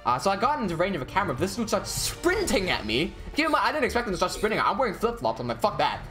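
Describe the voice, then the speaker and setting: Animated young man telling a story. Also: rapid-fire, faint music behind. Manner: swears often, acts out quotes in a lower voice. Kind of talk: casual storytelling during a game stream.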